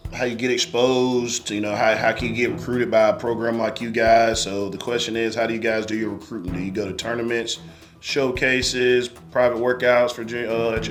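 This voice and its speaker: A man hosting an interview, politely reading out questions in a halting, deferential way. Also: mid-range voice. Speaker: interview host.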